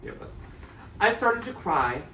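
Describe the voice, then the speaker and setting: A man's voice: sits high, very animated, normal speed, bright, forceful tone. A man, a drag performer, giving a campy, comic dramatic reading of a fanfic and breaking into laughter. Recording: echoey room, mic at a distance, faint music.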